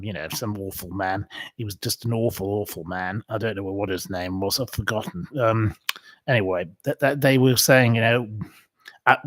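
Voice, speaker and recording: A man's voice: fairly low pitch, a bit bright, no room sound. A man from England hosting a casual livestream, chatting in a digressive way with many ums and restarts. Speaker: livestream host. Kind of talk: rambling casual livestream chat.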